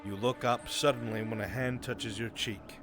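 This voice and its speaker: A man's voice: mid-range voice, fairly even intonation, moderate pace, music in the background. Brief: male game master, intense dramatic narration, mid voice. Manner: intense, building, often hushed. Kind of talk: dramatic second-person narration of a roleplay.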